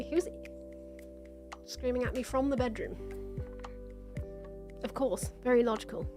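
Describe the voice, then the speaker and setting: High-voiced woman streamer, casual and rambling, faint music behind. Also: measured pace, long pauses. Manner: chatty and rambling, with laughs and trailing fillers. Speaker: streamer and host. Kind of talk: casual chat. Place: home.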